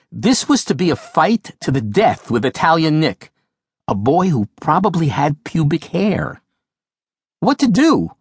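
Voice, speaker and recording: Wry, animated memoir narrator, man. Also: a little high, dry recording, studio quality. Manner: wry, comic storytelling. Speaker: author narrating his memoir. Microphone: studio microphone.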